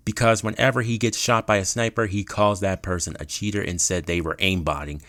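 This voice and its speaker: Low-voiced young man swearing through a story. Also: steady tone, a little fast, a bit bright, dry recording. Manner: casual, swears freely. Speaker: YouTuber telling a gaming story. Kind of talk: casual storytime narration.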